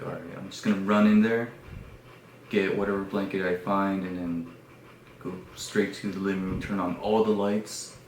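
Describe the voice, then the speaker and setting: A man on his podcast, casually telling a story in an animated way, with lots of fillers and hushed passages. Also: low voice. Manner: animated retelling with many fillers, dropping to hushed tones. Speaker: podcast host. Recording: echoey room with faint background noise.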